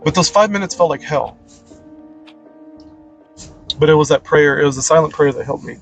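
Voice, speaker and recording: A man's voice: on the high side, lively intonation, normal speed, vocal fry, faint music behind, rough recording. A man giving a casual, rambling monologue about faith, blunt and full of "like" and "man.". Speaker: channel host.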